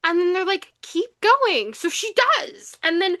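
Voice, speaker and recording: A young woman co-host tells a book plot in a loose, animated way, full of "like" and "you know." Her voice sits high and bright. It is recorded dry and close, with no room sound. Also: moderate pace, no room sound. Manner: animated retelling with frequent fillers. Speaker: podcast co-host. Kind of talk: casual book review chat.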